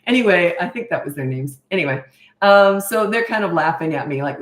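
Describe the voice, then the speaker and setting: Animated self-mocking woman coach. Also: lowish voice, brisk, reverberant. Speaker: parenting coach. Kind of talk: casual storytelling Q&A.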